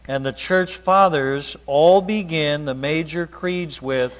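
A man preaching a sermon in an emphatic, deliberate manner in a large church hall. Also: fairly high pitch. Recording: dull audio with long hall reverb.

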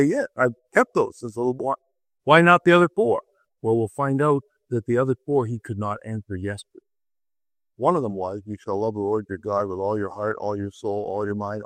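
A man's voice: fairly bright tone, dry recording, poor audio. A man preaching a sermon, telling a Bible story with dramatic swings in his voice and asking the listeners rhetorical questions. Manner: dramatic, swings pitch to act out quoted voices.

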